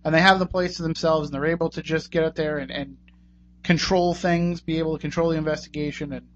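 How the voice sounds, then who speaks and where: The host's voice is fairly high, steady in tone, quick, and a bit bright as he wraps up his radio talk show. He chats and rambles, thanking guests and plugging contacts. A faint hum sits under the muffled recording.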